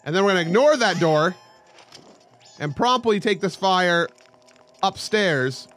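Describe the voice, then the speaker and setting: Young man, gameplay commentary host, lively swooping pitch, slightly high voice, excitable and joking. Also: unhurried, faint music behind. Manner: excitable, joking, with sudden yelps. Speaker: let's play host.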